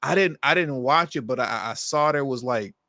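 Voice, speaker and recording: A man's voice: mid-range voice, normal speed, sharp tone, dry recording, clean studio sound. A man co-hosting a livestream, chatting loosely with fillers and laughs. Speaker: stream co-host. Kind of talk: casual livestream chat.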